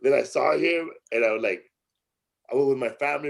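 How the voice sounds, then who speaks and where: A man's voice: mid-range voice, a little fast, creaky. A middle-aged man hosting a comedy podcast, trading loose, joking stories with friends. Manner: loose, joking, says bro a lot. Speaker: comedian host. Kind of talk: casual podcast banter.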